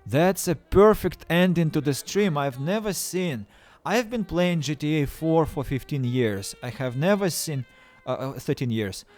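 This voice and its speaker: Halting man streaming a game. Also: on the high side, lively intonation, a little mellow, soft background music. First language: Russian. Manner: halting, stammering restarts, playful self-mocking. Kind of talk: casual game-stream chat.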